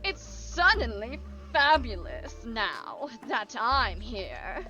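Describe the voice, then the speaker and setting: A woman voicing a pompous, vain female sea witch in a drawn-out, lowered diva manner, in a self-described terrible impression. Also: sing-song, sharp tone, highs cut off, soft background music, exaggerated voice. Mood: grandiose.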